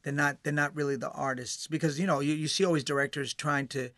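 A man's voice: on the high side, steady tone, quick pace, sharp tone, no room sound. A man, an actor guest, talking casually and animatedly, often repeating his words. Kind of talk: casual interview chat.

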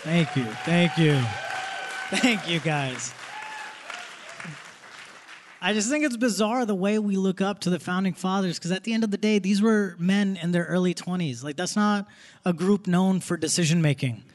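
A man's voice: sits high, normal speed, a faint crowd. A young man doing live stand-up comedy on a theater stage, casual and punchy, laughing as he goes. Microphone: stage microphone. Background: audience laughter.

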